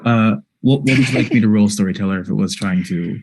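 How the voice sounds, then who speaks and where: A man's voice: fairly low pitch, fast talker, background noise. A man playing in a tabletop role-playing game, casually asking the storyteller about dice rolls. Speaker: player.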